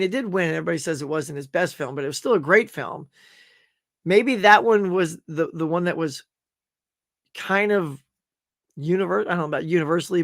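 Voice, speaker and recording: Male host, high voice, dry close sound, chatty and rambling, reading viewer comments. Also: a bit bright, dry recording. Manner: chatty, rambling with many fillers and restarts. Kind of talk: casual livestream chat reading viewer comments.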